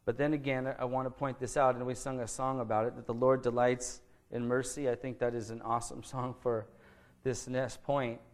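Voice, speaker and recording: A man's voice: mid-range voice, level tone. Man preaching verse by verse. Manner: reads scripture aloud slowly, then explains it conversationally; rhetorical questions to the congregation. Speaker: pastor. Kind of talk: expository sermon.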